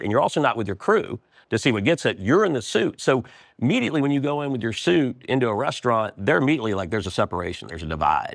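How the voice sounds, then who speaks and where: A man's voice: fairly low pitch, fairly bright tone, no room sound, clean studio sound. A man who founded a restaurant business, talking in a casual interview with emphatic repetition and frequent "man" at the end of lines. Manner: emphatic, repeats phrases, says "man".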